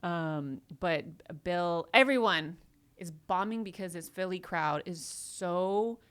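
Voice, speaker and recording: Profane, animated woman comic chatting. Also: on the low side, takes it slowly, smooth. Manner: loose and profane, animated storytelling. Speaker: comedian podcast co-host. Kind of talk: casual chat. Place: comedy club.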